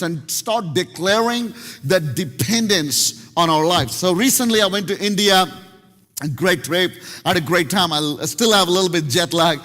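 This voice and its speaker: A man preaching a sermon as pastor, telling stories in an animated way and often restarting his sentences. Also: high-pitched, moderate pace. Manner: animated storytelling with many restarts. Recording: long hall reverb.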